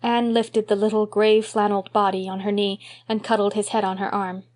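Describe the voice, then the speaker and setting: A woman reading a classic novel aloud as an audiobook narrator, measured and expressive. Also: mid-range voice.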